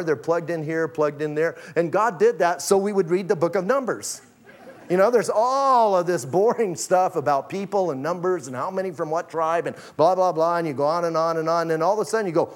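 A middle-aged man preaching a conversational sermon, animated and acting out quoted voices as he teaches from scripture. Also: high voice. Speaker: pastor.

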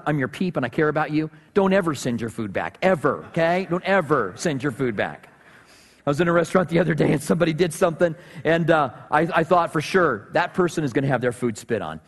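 A man preaching a sermon as pastor, animated and joking as he tells stories. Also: on the high side. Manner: animated, humorous storytelling. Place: church sanctuary. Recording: long reverb of a church hall.

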